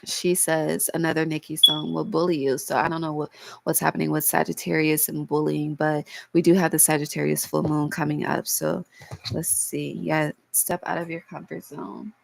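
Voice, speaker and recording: A woman reads tarot in a casual, heartfelt way, talking straight to her viewers and swearing freely. She is holding back tears, so her voice cracks now and then. Her voice sits very low and has a heavy gravelly fry. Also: little pitch movement, moderate pace, fairly bright tone, slight background noise, rough recording. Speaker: tarot reader. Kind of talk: casual tarot reading vlog.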